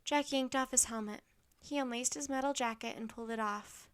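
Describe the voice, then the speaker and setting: A woman reading a children's chapter book aloud in a steady, clear narration. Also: on the high side, brisk. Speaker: storybook narrator.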